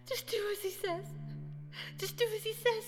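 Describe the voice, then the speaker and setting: An actress playing a frightened young mother who speaks in a soft, hushed, pleading way. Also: very high voice, fairly even intonation, normal speed, in a large hall, music in the background. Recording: noisy background hiss.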